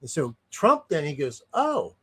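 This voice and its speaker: Indignant man, slightly high voice. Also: lively intonation, moderate pace. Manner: indignant, rambling, with frequent restarts and digressions. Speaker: streamer giving commentary. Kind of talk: casual unscripted commentary.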